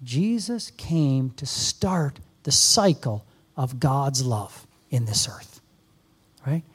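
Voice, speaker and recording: Speaking slowly and expressively with a breathy edge, this man in his fifties has a mid-range voice. He's a guest speaker at a church service, exhorting the live congregation directly in an earnest sermon.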